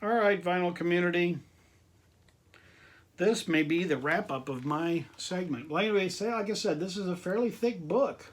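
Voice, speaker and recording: A man's voice: high-pitched, moderate pace. A man hosting his own collector video channel, chatting casually and enthusiastically to camera, repeating himself and laughing often.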